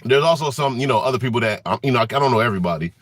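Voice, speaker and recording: A man's voice: mid-range voice, lively intonation, racing, fairly bright tone. A man giving an angry political rant, swearing often and restarting his sentences with many fillers. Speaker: political commentator.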